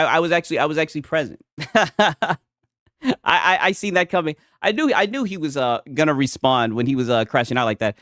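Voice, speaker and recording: A man's voice: mid-range voice, fairly bright tone, no room sound, studio quality. A young man streaming live, reacting to gaming news in a loose, joking, slangy way, and talking to his chat with many "right?" tags. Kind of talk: casual livestream commentary.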